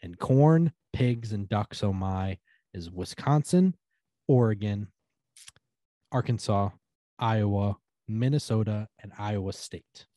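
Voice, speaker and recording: A man's voice: on the low side, takes it slowly, dark tone, dry recording, studio quality. A man co-hosting a casual sports podcast, laid-back, reading out team lists that trail off at the ends. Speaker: podcast co-host.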